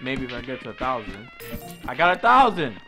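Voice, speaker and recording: Hyped gaming commentator, man, shouts at his crowd, music playing. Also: mid-range voice, a little fast. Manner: excitable, yells orders at his mob. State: out of breath. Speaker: gaming YouTuber. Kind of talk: casual let's play commentary. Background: game music.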